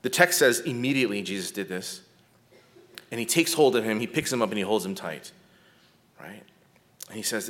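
A man teaching biblical counseling in a conversational lecture, often checking in with his listeners and speaking gently when he talks about compassion. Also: fairly low pitch, expressive, brisk. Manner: often checks in with a tag question "right?"; drops to a soft, gentle tone when describing compassion.

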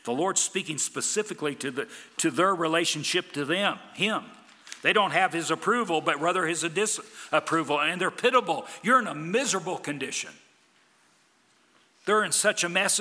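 A man preaching a sermon as a pastor, emphatic, with big swings from loud declarations to quiet, low lines. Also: big-room sound.

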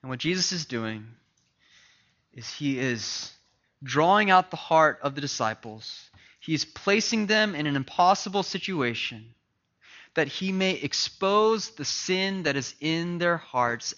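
Man, preacher, sermon, high voice, loud then hushed, dull lo-fi recording. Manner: dynamic preaching, swinging from loud declarations to hushed pleading. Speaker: pastor.

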